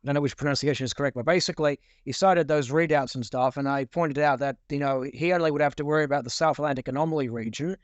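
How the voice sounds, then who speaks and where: A man's voice: on the high side, fast, few pauses, dry recording. A man in casual discussion, rambling with many repeated words and fillers while reading out passages.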